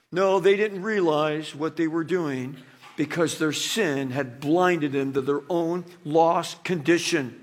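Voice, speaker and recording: A man preaching a sermon, reading scripture aloud and breaking into animated, dramatic asides. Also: fairly high pitch, slow pace.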